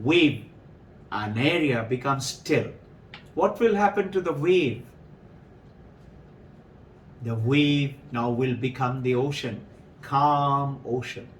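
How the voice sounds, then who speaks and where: A man giving a storytelling talk as a spiritual teacher to devotees. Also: high voice. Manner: storytelling, animated, chuckling. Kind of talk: sermon to devotees. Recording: roomy, distant mic.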